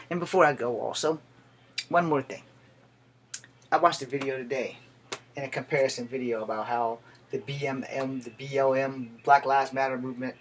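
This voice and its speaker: A man in his thirties, a veteran, giving a blunt, profane and heated political rant to the camera. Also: medium pitch. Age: 30s.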